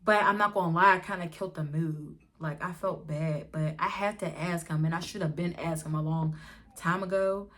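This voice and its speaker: A young woman vlogger telling a storytime in a chatty, animated way, talking straight to her viewers. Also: lowish voice, fairly quick. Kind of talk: casual storytime.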